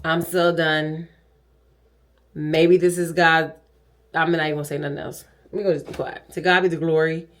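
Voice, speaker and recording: A woman's voice: sits low, normal speed. Middle-aged woman, casual vlog chat, dramatic and goofy delivery. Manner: chatty, dramatic, animated. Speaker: vlogger.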